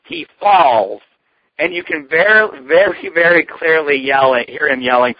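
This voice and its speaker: Male co-host, lively storyteller, swears freely; muffled lo-fi dry recording. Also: a little high, measured pace, dry recording. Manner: storytelling, profane, jokey. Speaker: podcast co-host. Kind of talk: casual wrestling chat. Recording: dull lo-fi dry sound.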